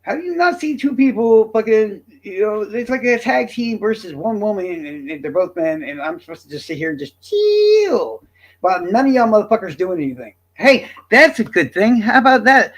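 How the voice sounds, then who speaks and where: A man in his fifties ranting to his stream chat in a profane, cocky, combative way. His voice sits high for a man and swings widely as he taunts and brags. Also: sing-song, normal speed. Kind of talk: livestream rant to chat.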